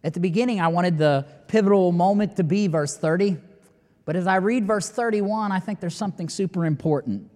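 High-voiced preaching man in a reverberant hall. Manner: emphatic, rising to near-shouting at climaxes with long dramatic pauses. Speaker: pastor. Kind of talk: sermon. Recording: long reverb of a large hall.

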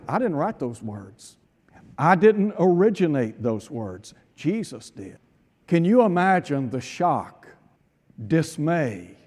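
A man delivering a radio sermon in a fairly high voice. He preaches emphatically and keeps pressing his listeners with rhetorical questions. His voice rings with a long reverb, as if spoken in a big hall. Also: darkish tone.

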